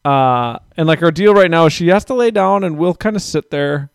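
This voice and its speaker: Thirties dad on a podcast, kinda higher voice, super smooth, rambling and cussing, dry sound. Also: male voice, lively intonation, normal speed, dry recording. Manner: profane, rambling storyteller. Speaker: podcast co-host; father of young kids. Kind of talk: casual chat.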